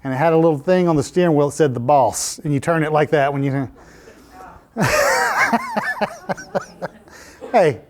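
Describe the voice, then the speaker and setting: A pastor preaching a sermon in a church, telling a story in an animated way and laughing at himself. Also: male voice, fairly high pitch, slow, pauses often. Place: church sanctuary.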